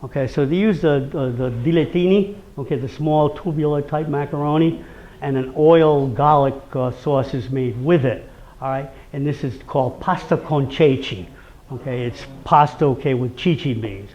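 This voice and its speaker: Over a muffled recording, a man with a mid-range voice and a Rhode Island accent speaks at normal speed. Giving a chatty, animated talk on local traditions to a live audience, he acts out quoted voices and often checks in with "okay?".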